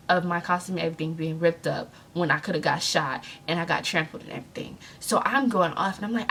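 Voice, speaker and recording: A young woman, telling an animated, sassy storytime vlog to her viewers. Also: on the low side, slight background noise. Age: young adult. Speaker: vlogger.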